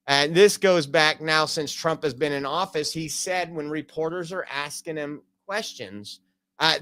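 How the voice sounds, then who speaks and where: A man's voice: fairly high pitch, unhurried, pushed and bright, clear, resonant tone. A man hosting a casual live stream from home, talking loosely with many fillers. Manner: rambling, many fillers, reads out jokes. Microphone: home streaming computer.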